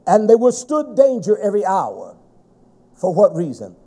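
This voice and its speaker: Stern preaching man, dark-toned voice. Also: high voice, huge pitch swings, normal speed. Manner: stern, scolding, shouts at times. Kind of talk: sermon.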